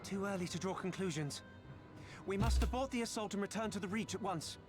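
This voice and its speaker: An actor voicing a composed, formal young commander in a game cutscene, over loud game music. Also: male voice, high voice, brisk, lightly acted.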